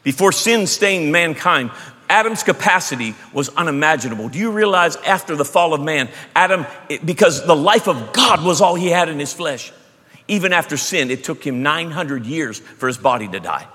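A man preaching a sermon, emphatic, moving between loud bursts and hushed asides. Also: a little high, animated, normal speed. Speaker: pastor. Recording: long hall reverb.

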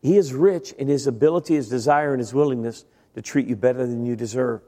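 A man's voice: mid-range voice, quick pace, dark tone. Middle-aged preacher telling his testimony in a hall. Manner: conversational storytelling, speaks directly to the congregation. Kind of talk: sermon with personal testimony. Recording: long reverb of a large hall.

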